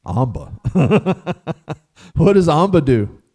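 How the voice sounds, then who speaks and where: A man giving a casual scripture class, telling stories with animated rhetorical questions and frequent chuckles. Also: on the high side, takes it slowly.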